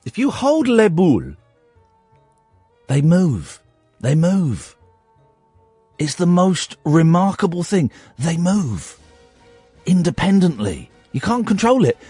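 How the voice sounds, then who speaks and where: Man hosting a call-in show, high voice, bouncy swooping delivery, jokey and rambling, dry studio sound with faint music behind. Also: wildly swooping pitch, takes it slowly, pauses often, mellow, breathy edge, no echo. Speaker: radio phone-in host. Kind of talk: late-night call-in chat. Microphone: studio microphone.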